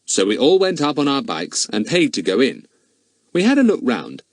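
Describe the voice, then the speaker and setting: A man's voice: medium pitch, huge pitch swings, normal speed, dry recording, pitched above the performer's own voice. A man voicing a confident, polite schoolboy detective, speaking seriously, in an audiobook reading.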